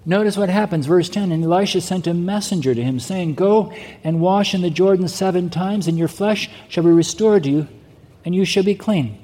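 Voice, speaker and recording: High-voiced preacher in a reverberant hall. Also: male voice, moderate pace, warm tone. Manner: preaching with rhetorical questions to the congregation. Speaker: pastor. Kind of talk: sermon. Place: church sanctuary.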